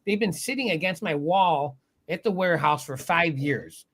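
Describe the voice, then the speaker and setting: A man's voice: fairly high pitch, lively intonation, moderate pace, a bit bright. A man who owns a shop, chatting as a guest on a live show, rambling with wry, self-deprecating asides. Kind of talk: casual live-show chat.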